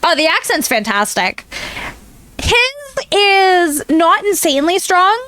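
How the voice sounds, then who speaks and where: A high-voiced young woman from Southern California chats casually on a live stream, with a Southern Californian accent that has been mostly softened. She talks to her viewers in a playful, dramatic way, with mock outrage and quick asides. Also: big pitch swings. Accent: Southern Californian, trained down. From Southern California (San Diego). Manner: chatty and playfully dramatic, talking to chat.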